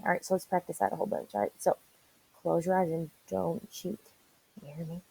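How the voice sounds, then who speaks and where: A woman teacher leading an online reading lesson for young children, spelling words out slowly and encouraging them. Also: lowish voice, mellow, breathy edge, poor audio. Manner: encouraging, slow and deliberate spelling aloud.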